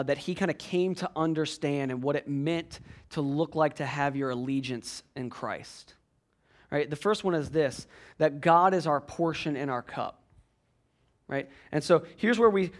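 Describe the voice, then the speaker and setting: A man with a notably high speaking voice preaches to his congregation. He talks conversationally and keeps asking "right?" as he goes. He drops to quiet, slow phrases and then builds to loud, driving runs. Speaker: pastor. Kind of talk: sermon.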